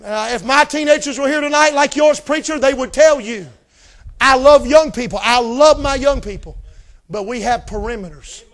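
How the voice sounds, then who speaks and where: A man preaching a fiery revival sermon in a folksy style, shouting often. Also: very high voice, moderate pace. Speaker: visiting preacher.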